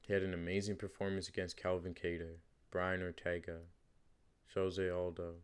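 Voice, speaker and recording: A man with a fairly low voice talks off the cuff, with no script. He circles back on his points, stumbles into fillers and restarts, then presses hard on the same claim again. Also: flat delivery, moderate pace, clear, resonant tone. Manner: rambling, many fillers and restarts, emphatic repeats. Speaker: channel host giving fight predictions. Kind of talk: casual unscripted commentary.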